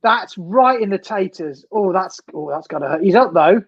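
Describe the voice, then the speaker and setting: A woman's voice: medium pitch, animated, moderate pace, muffled recording. A woman co-hosting a football reaction stream, chatting casually with dry, teasing banter. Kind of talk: casual live match reaction chat.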